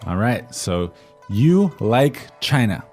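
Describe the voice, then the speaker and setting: A man's voice: on the low side, sing-song, slow, darkish tone. Man prompting a language lesson. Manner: prompts with questions, often ends with "right?". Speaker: co-host, learner's voice. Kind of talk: scripted language-lesson podcast. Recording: faint music bed.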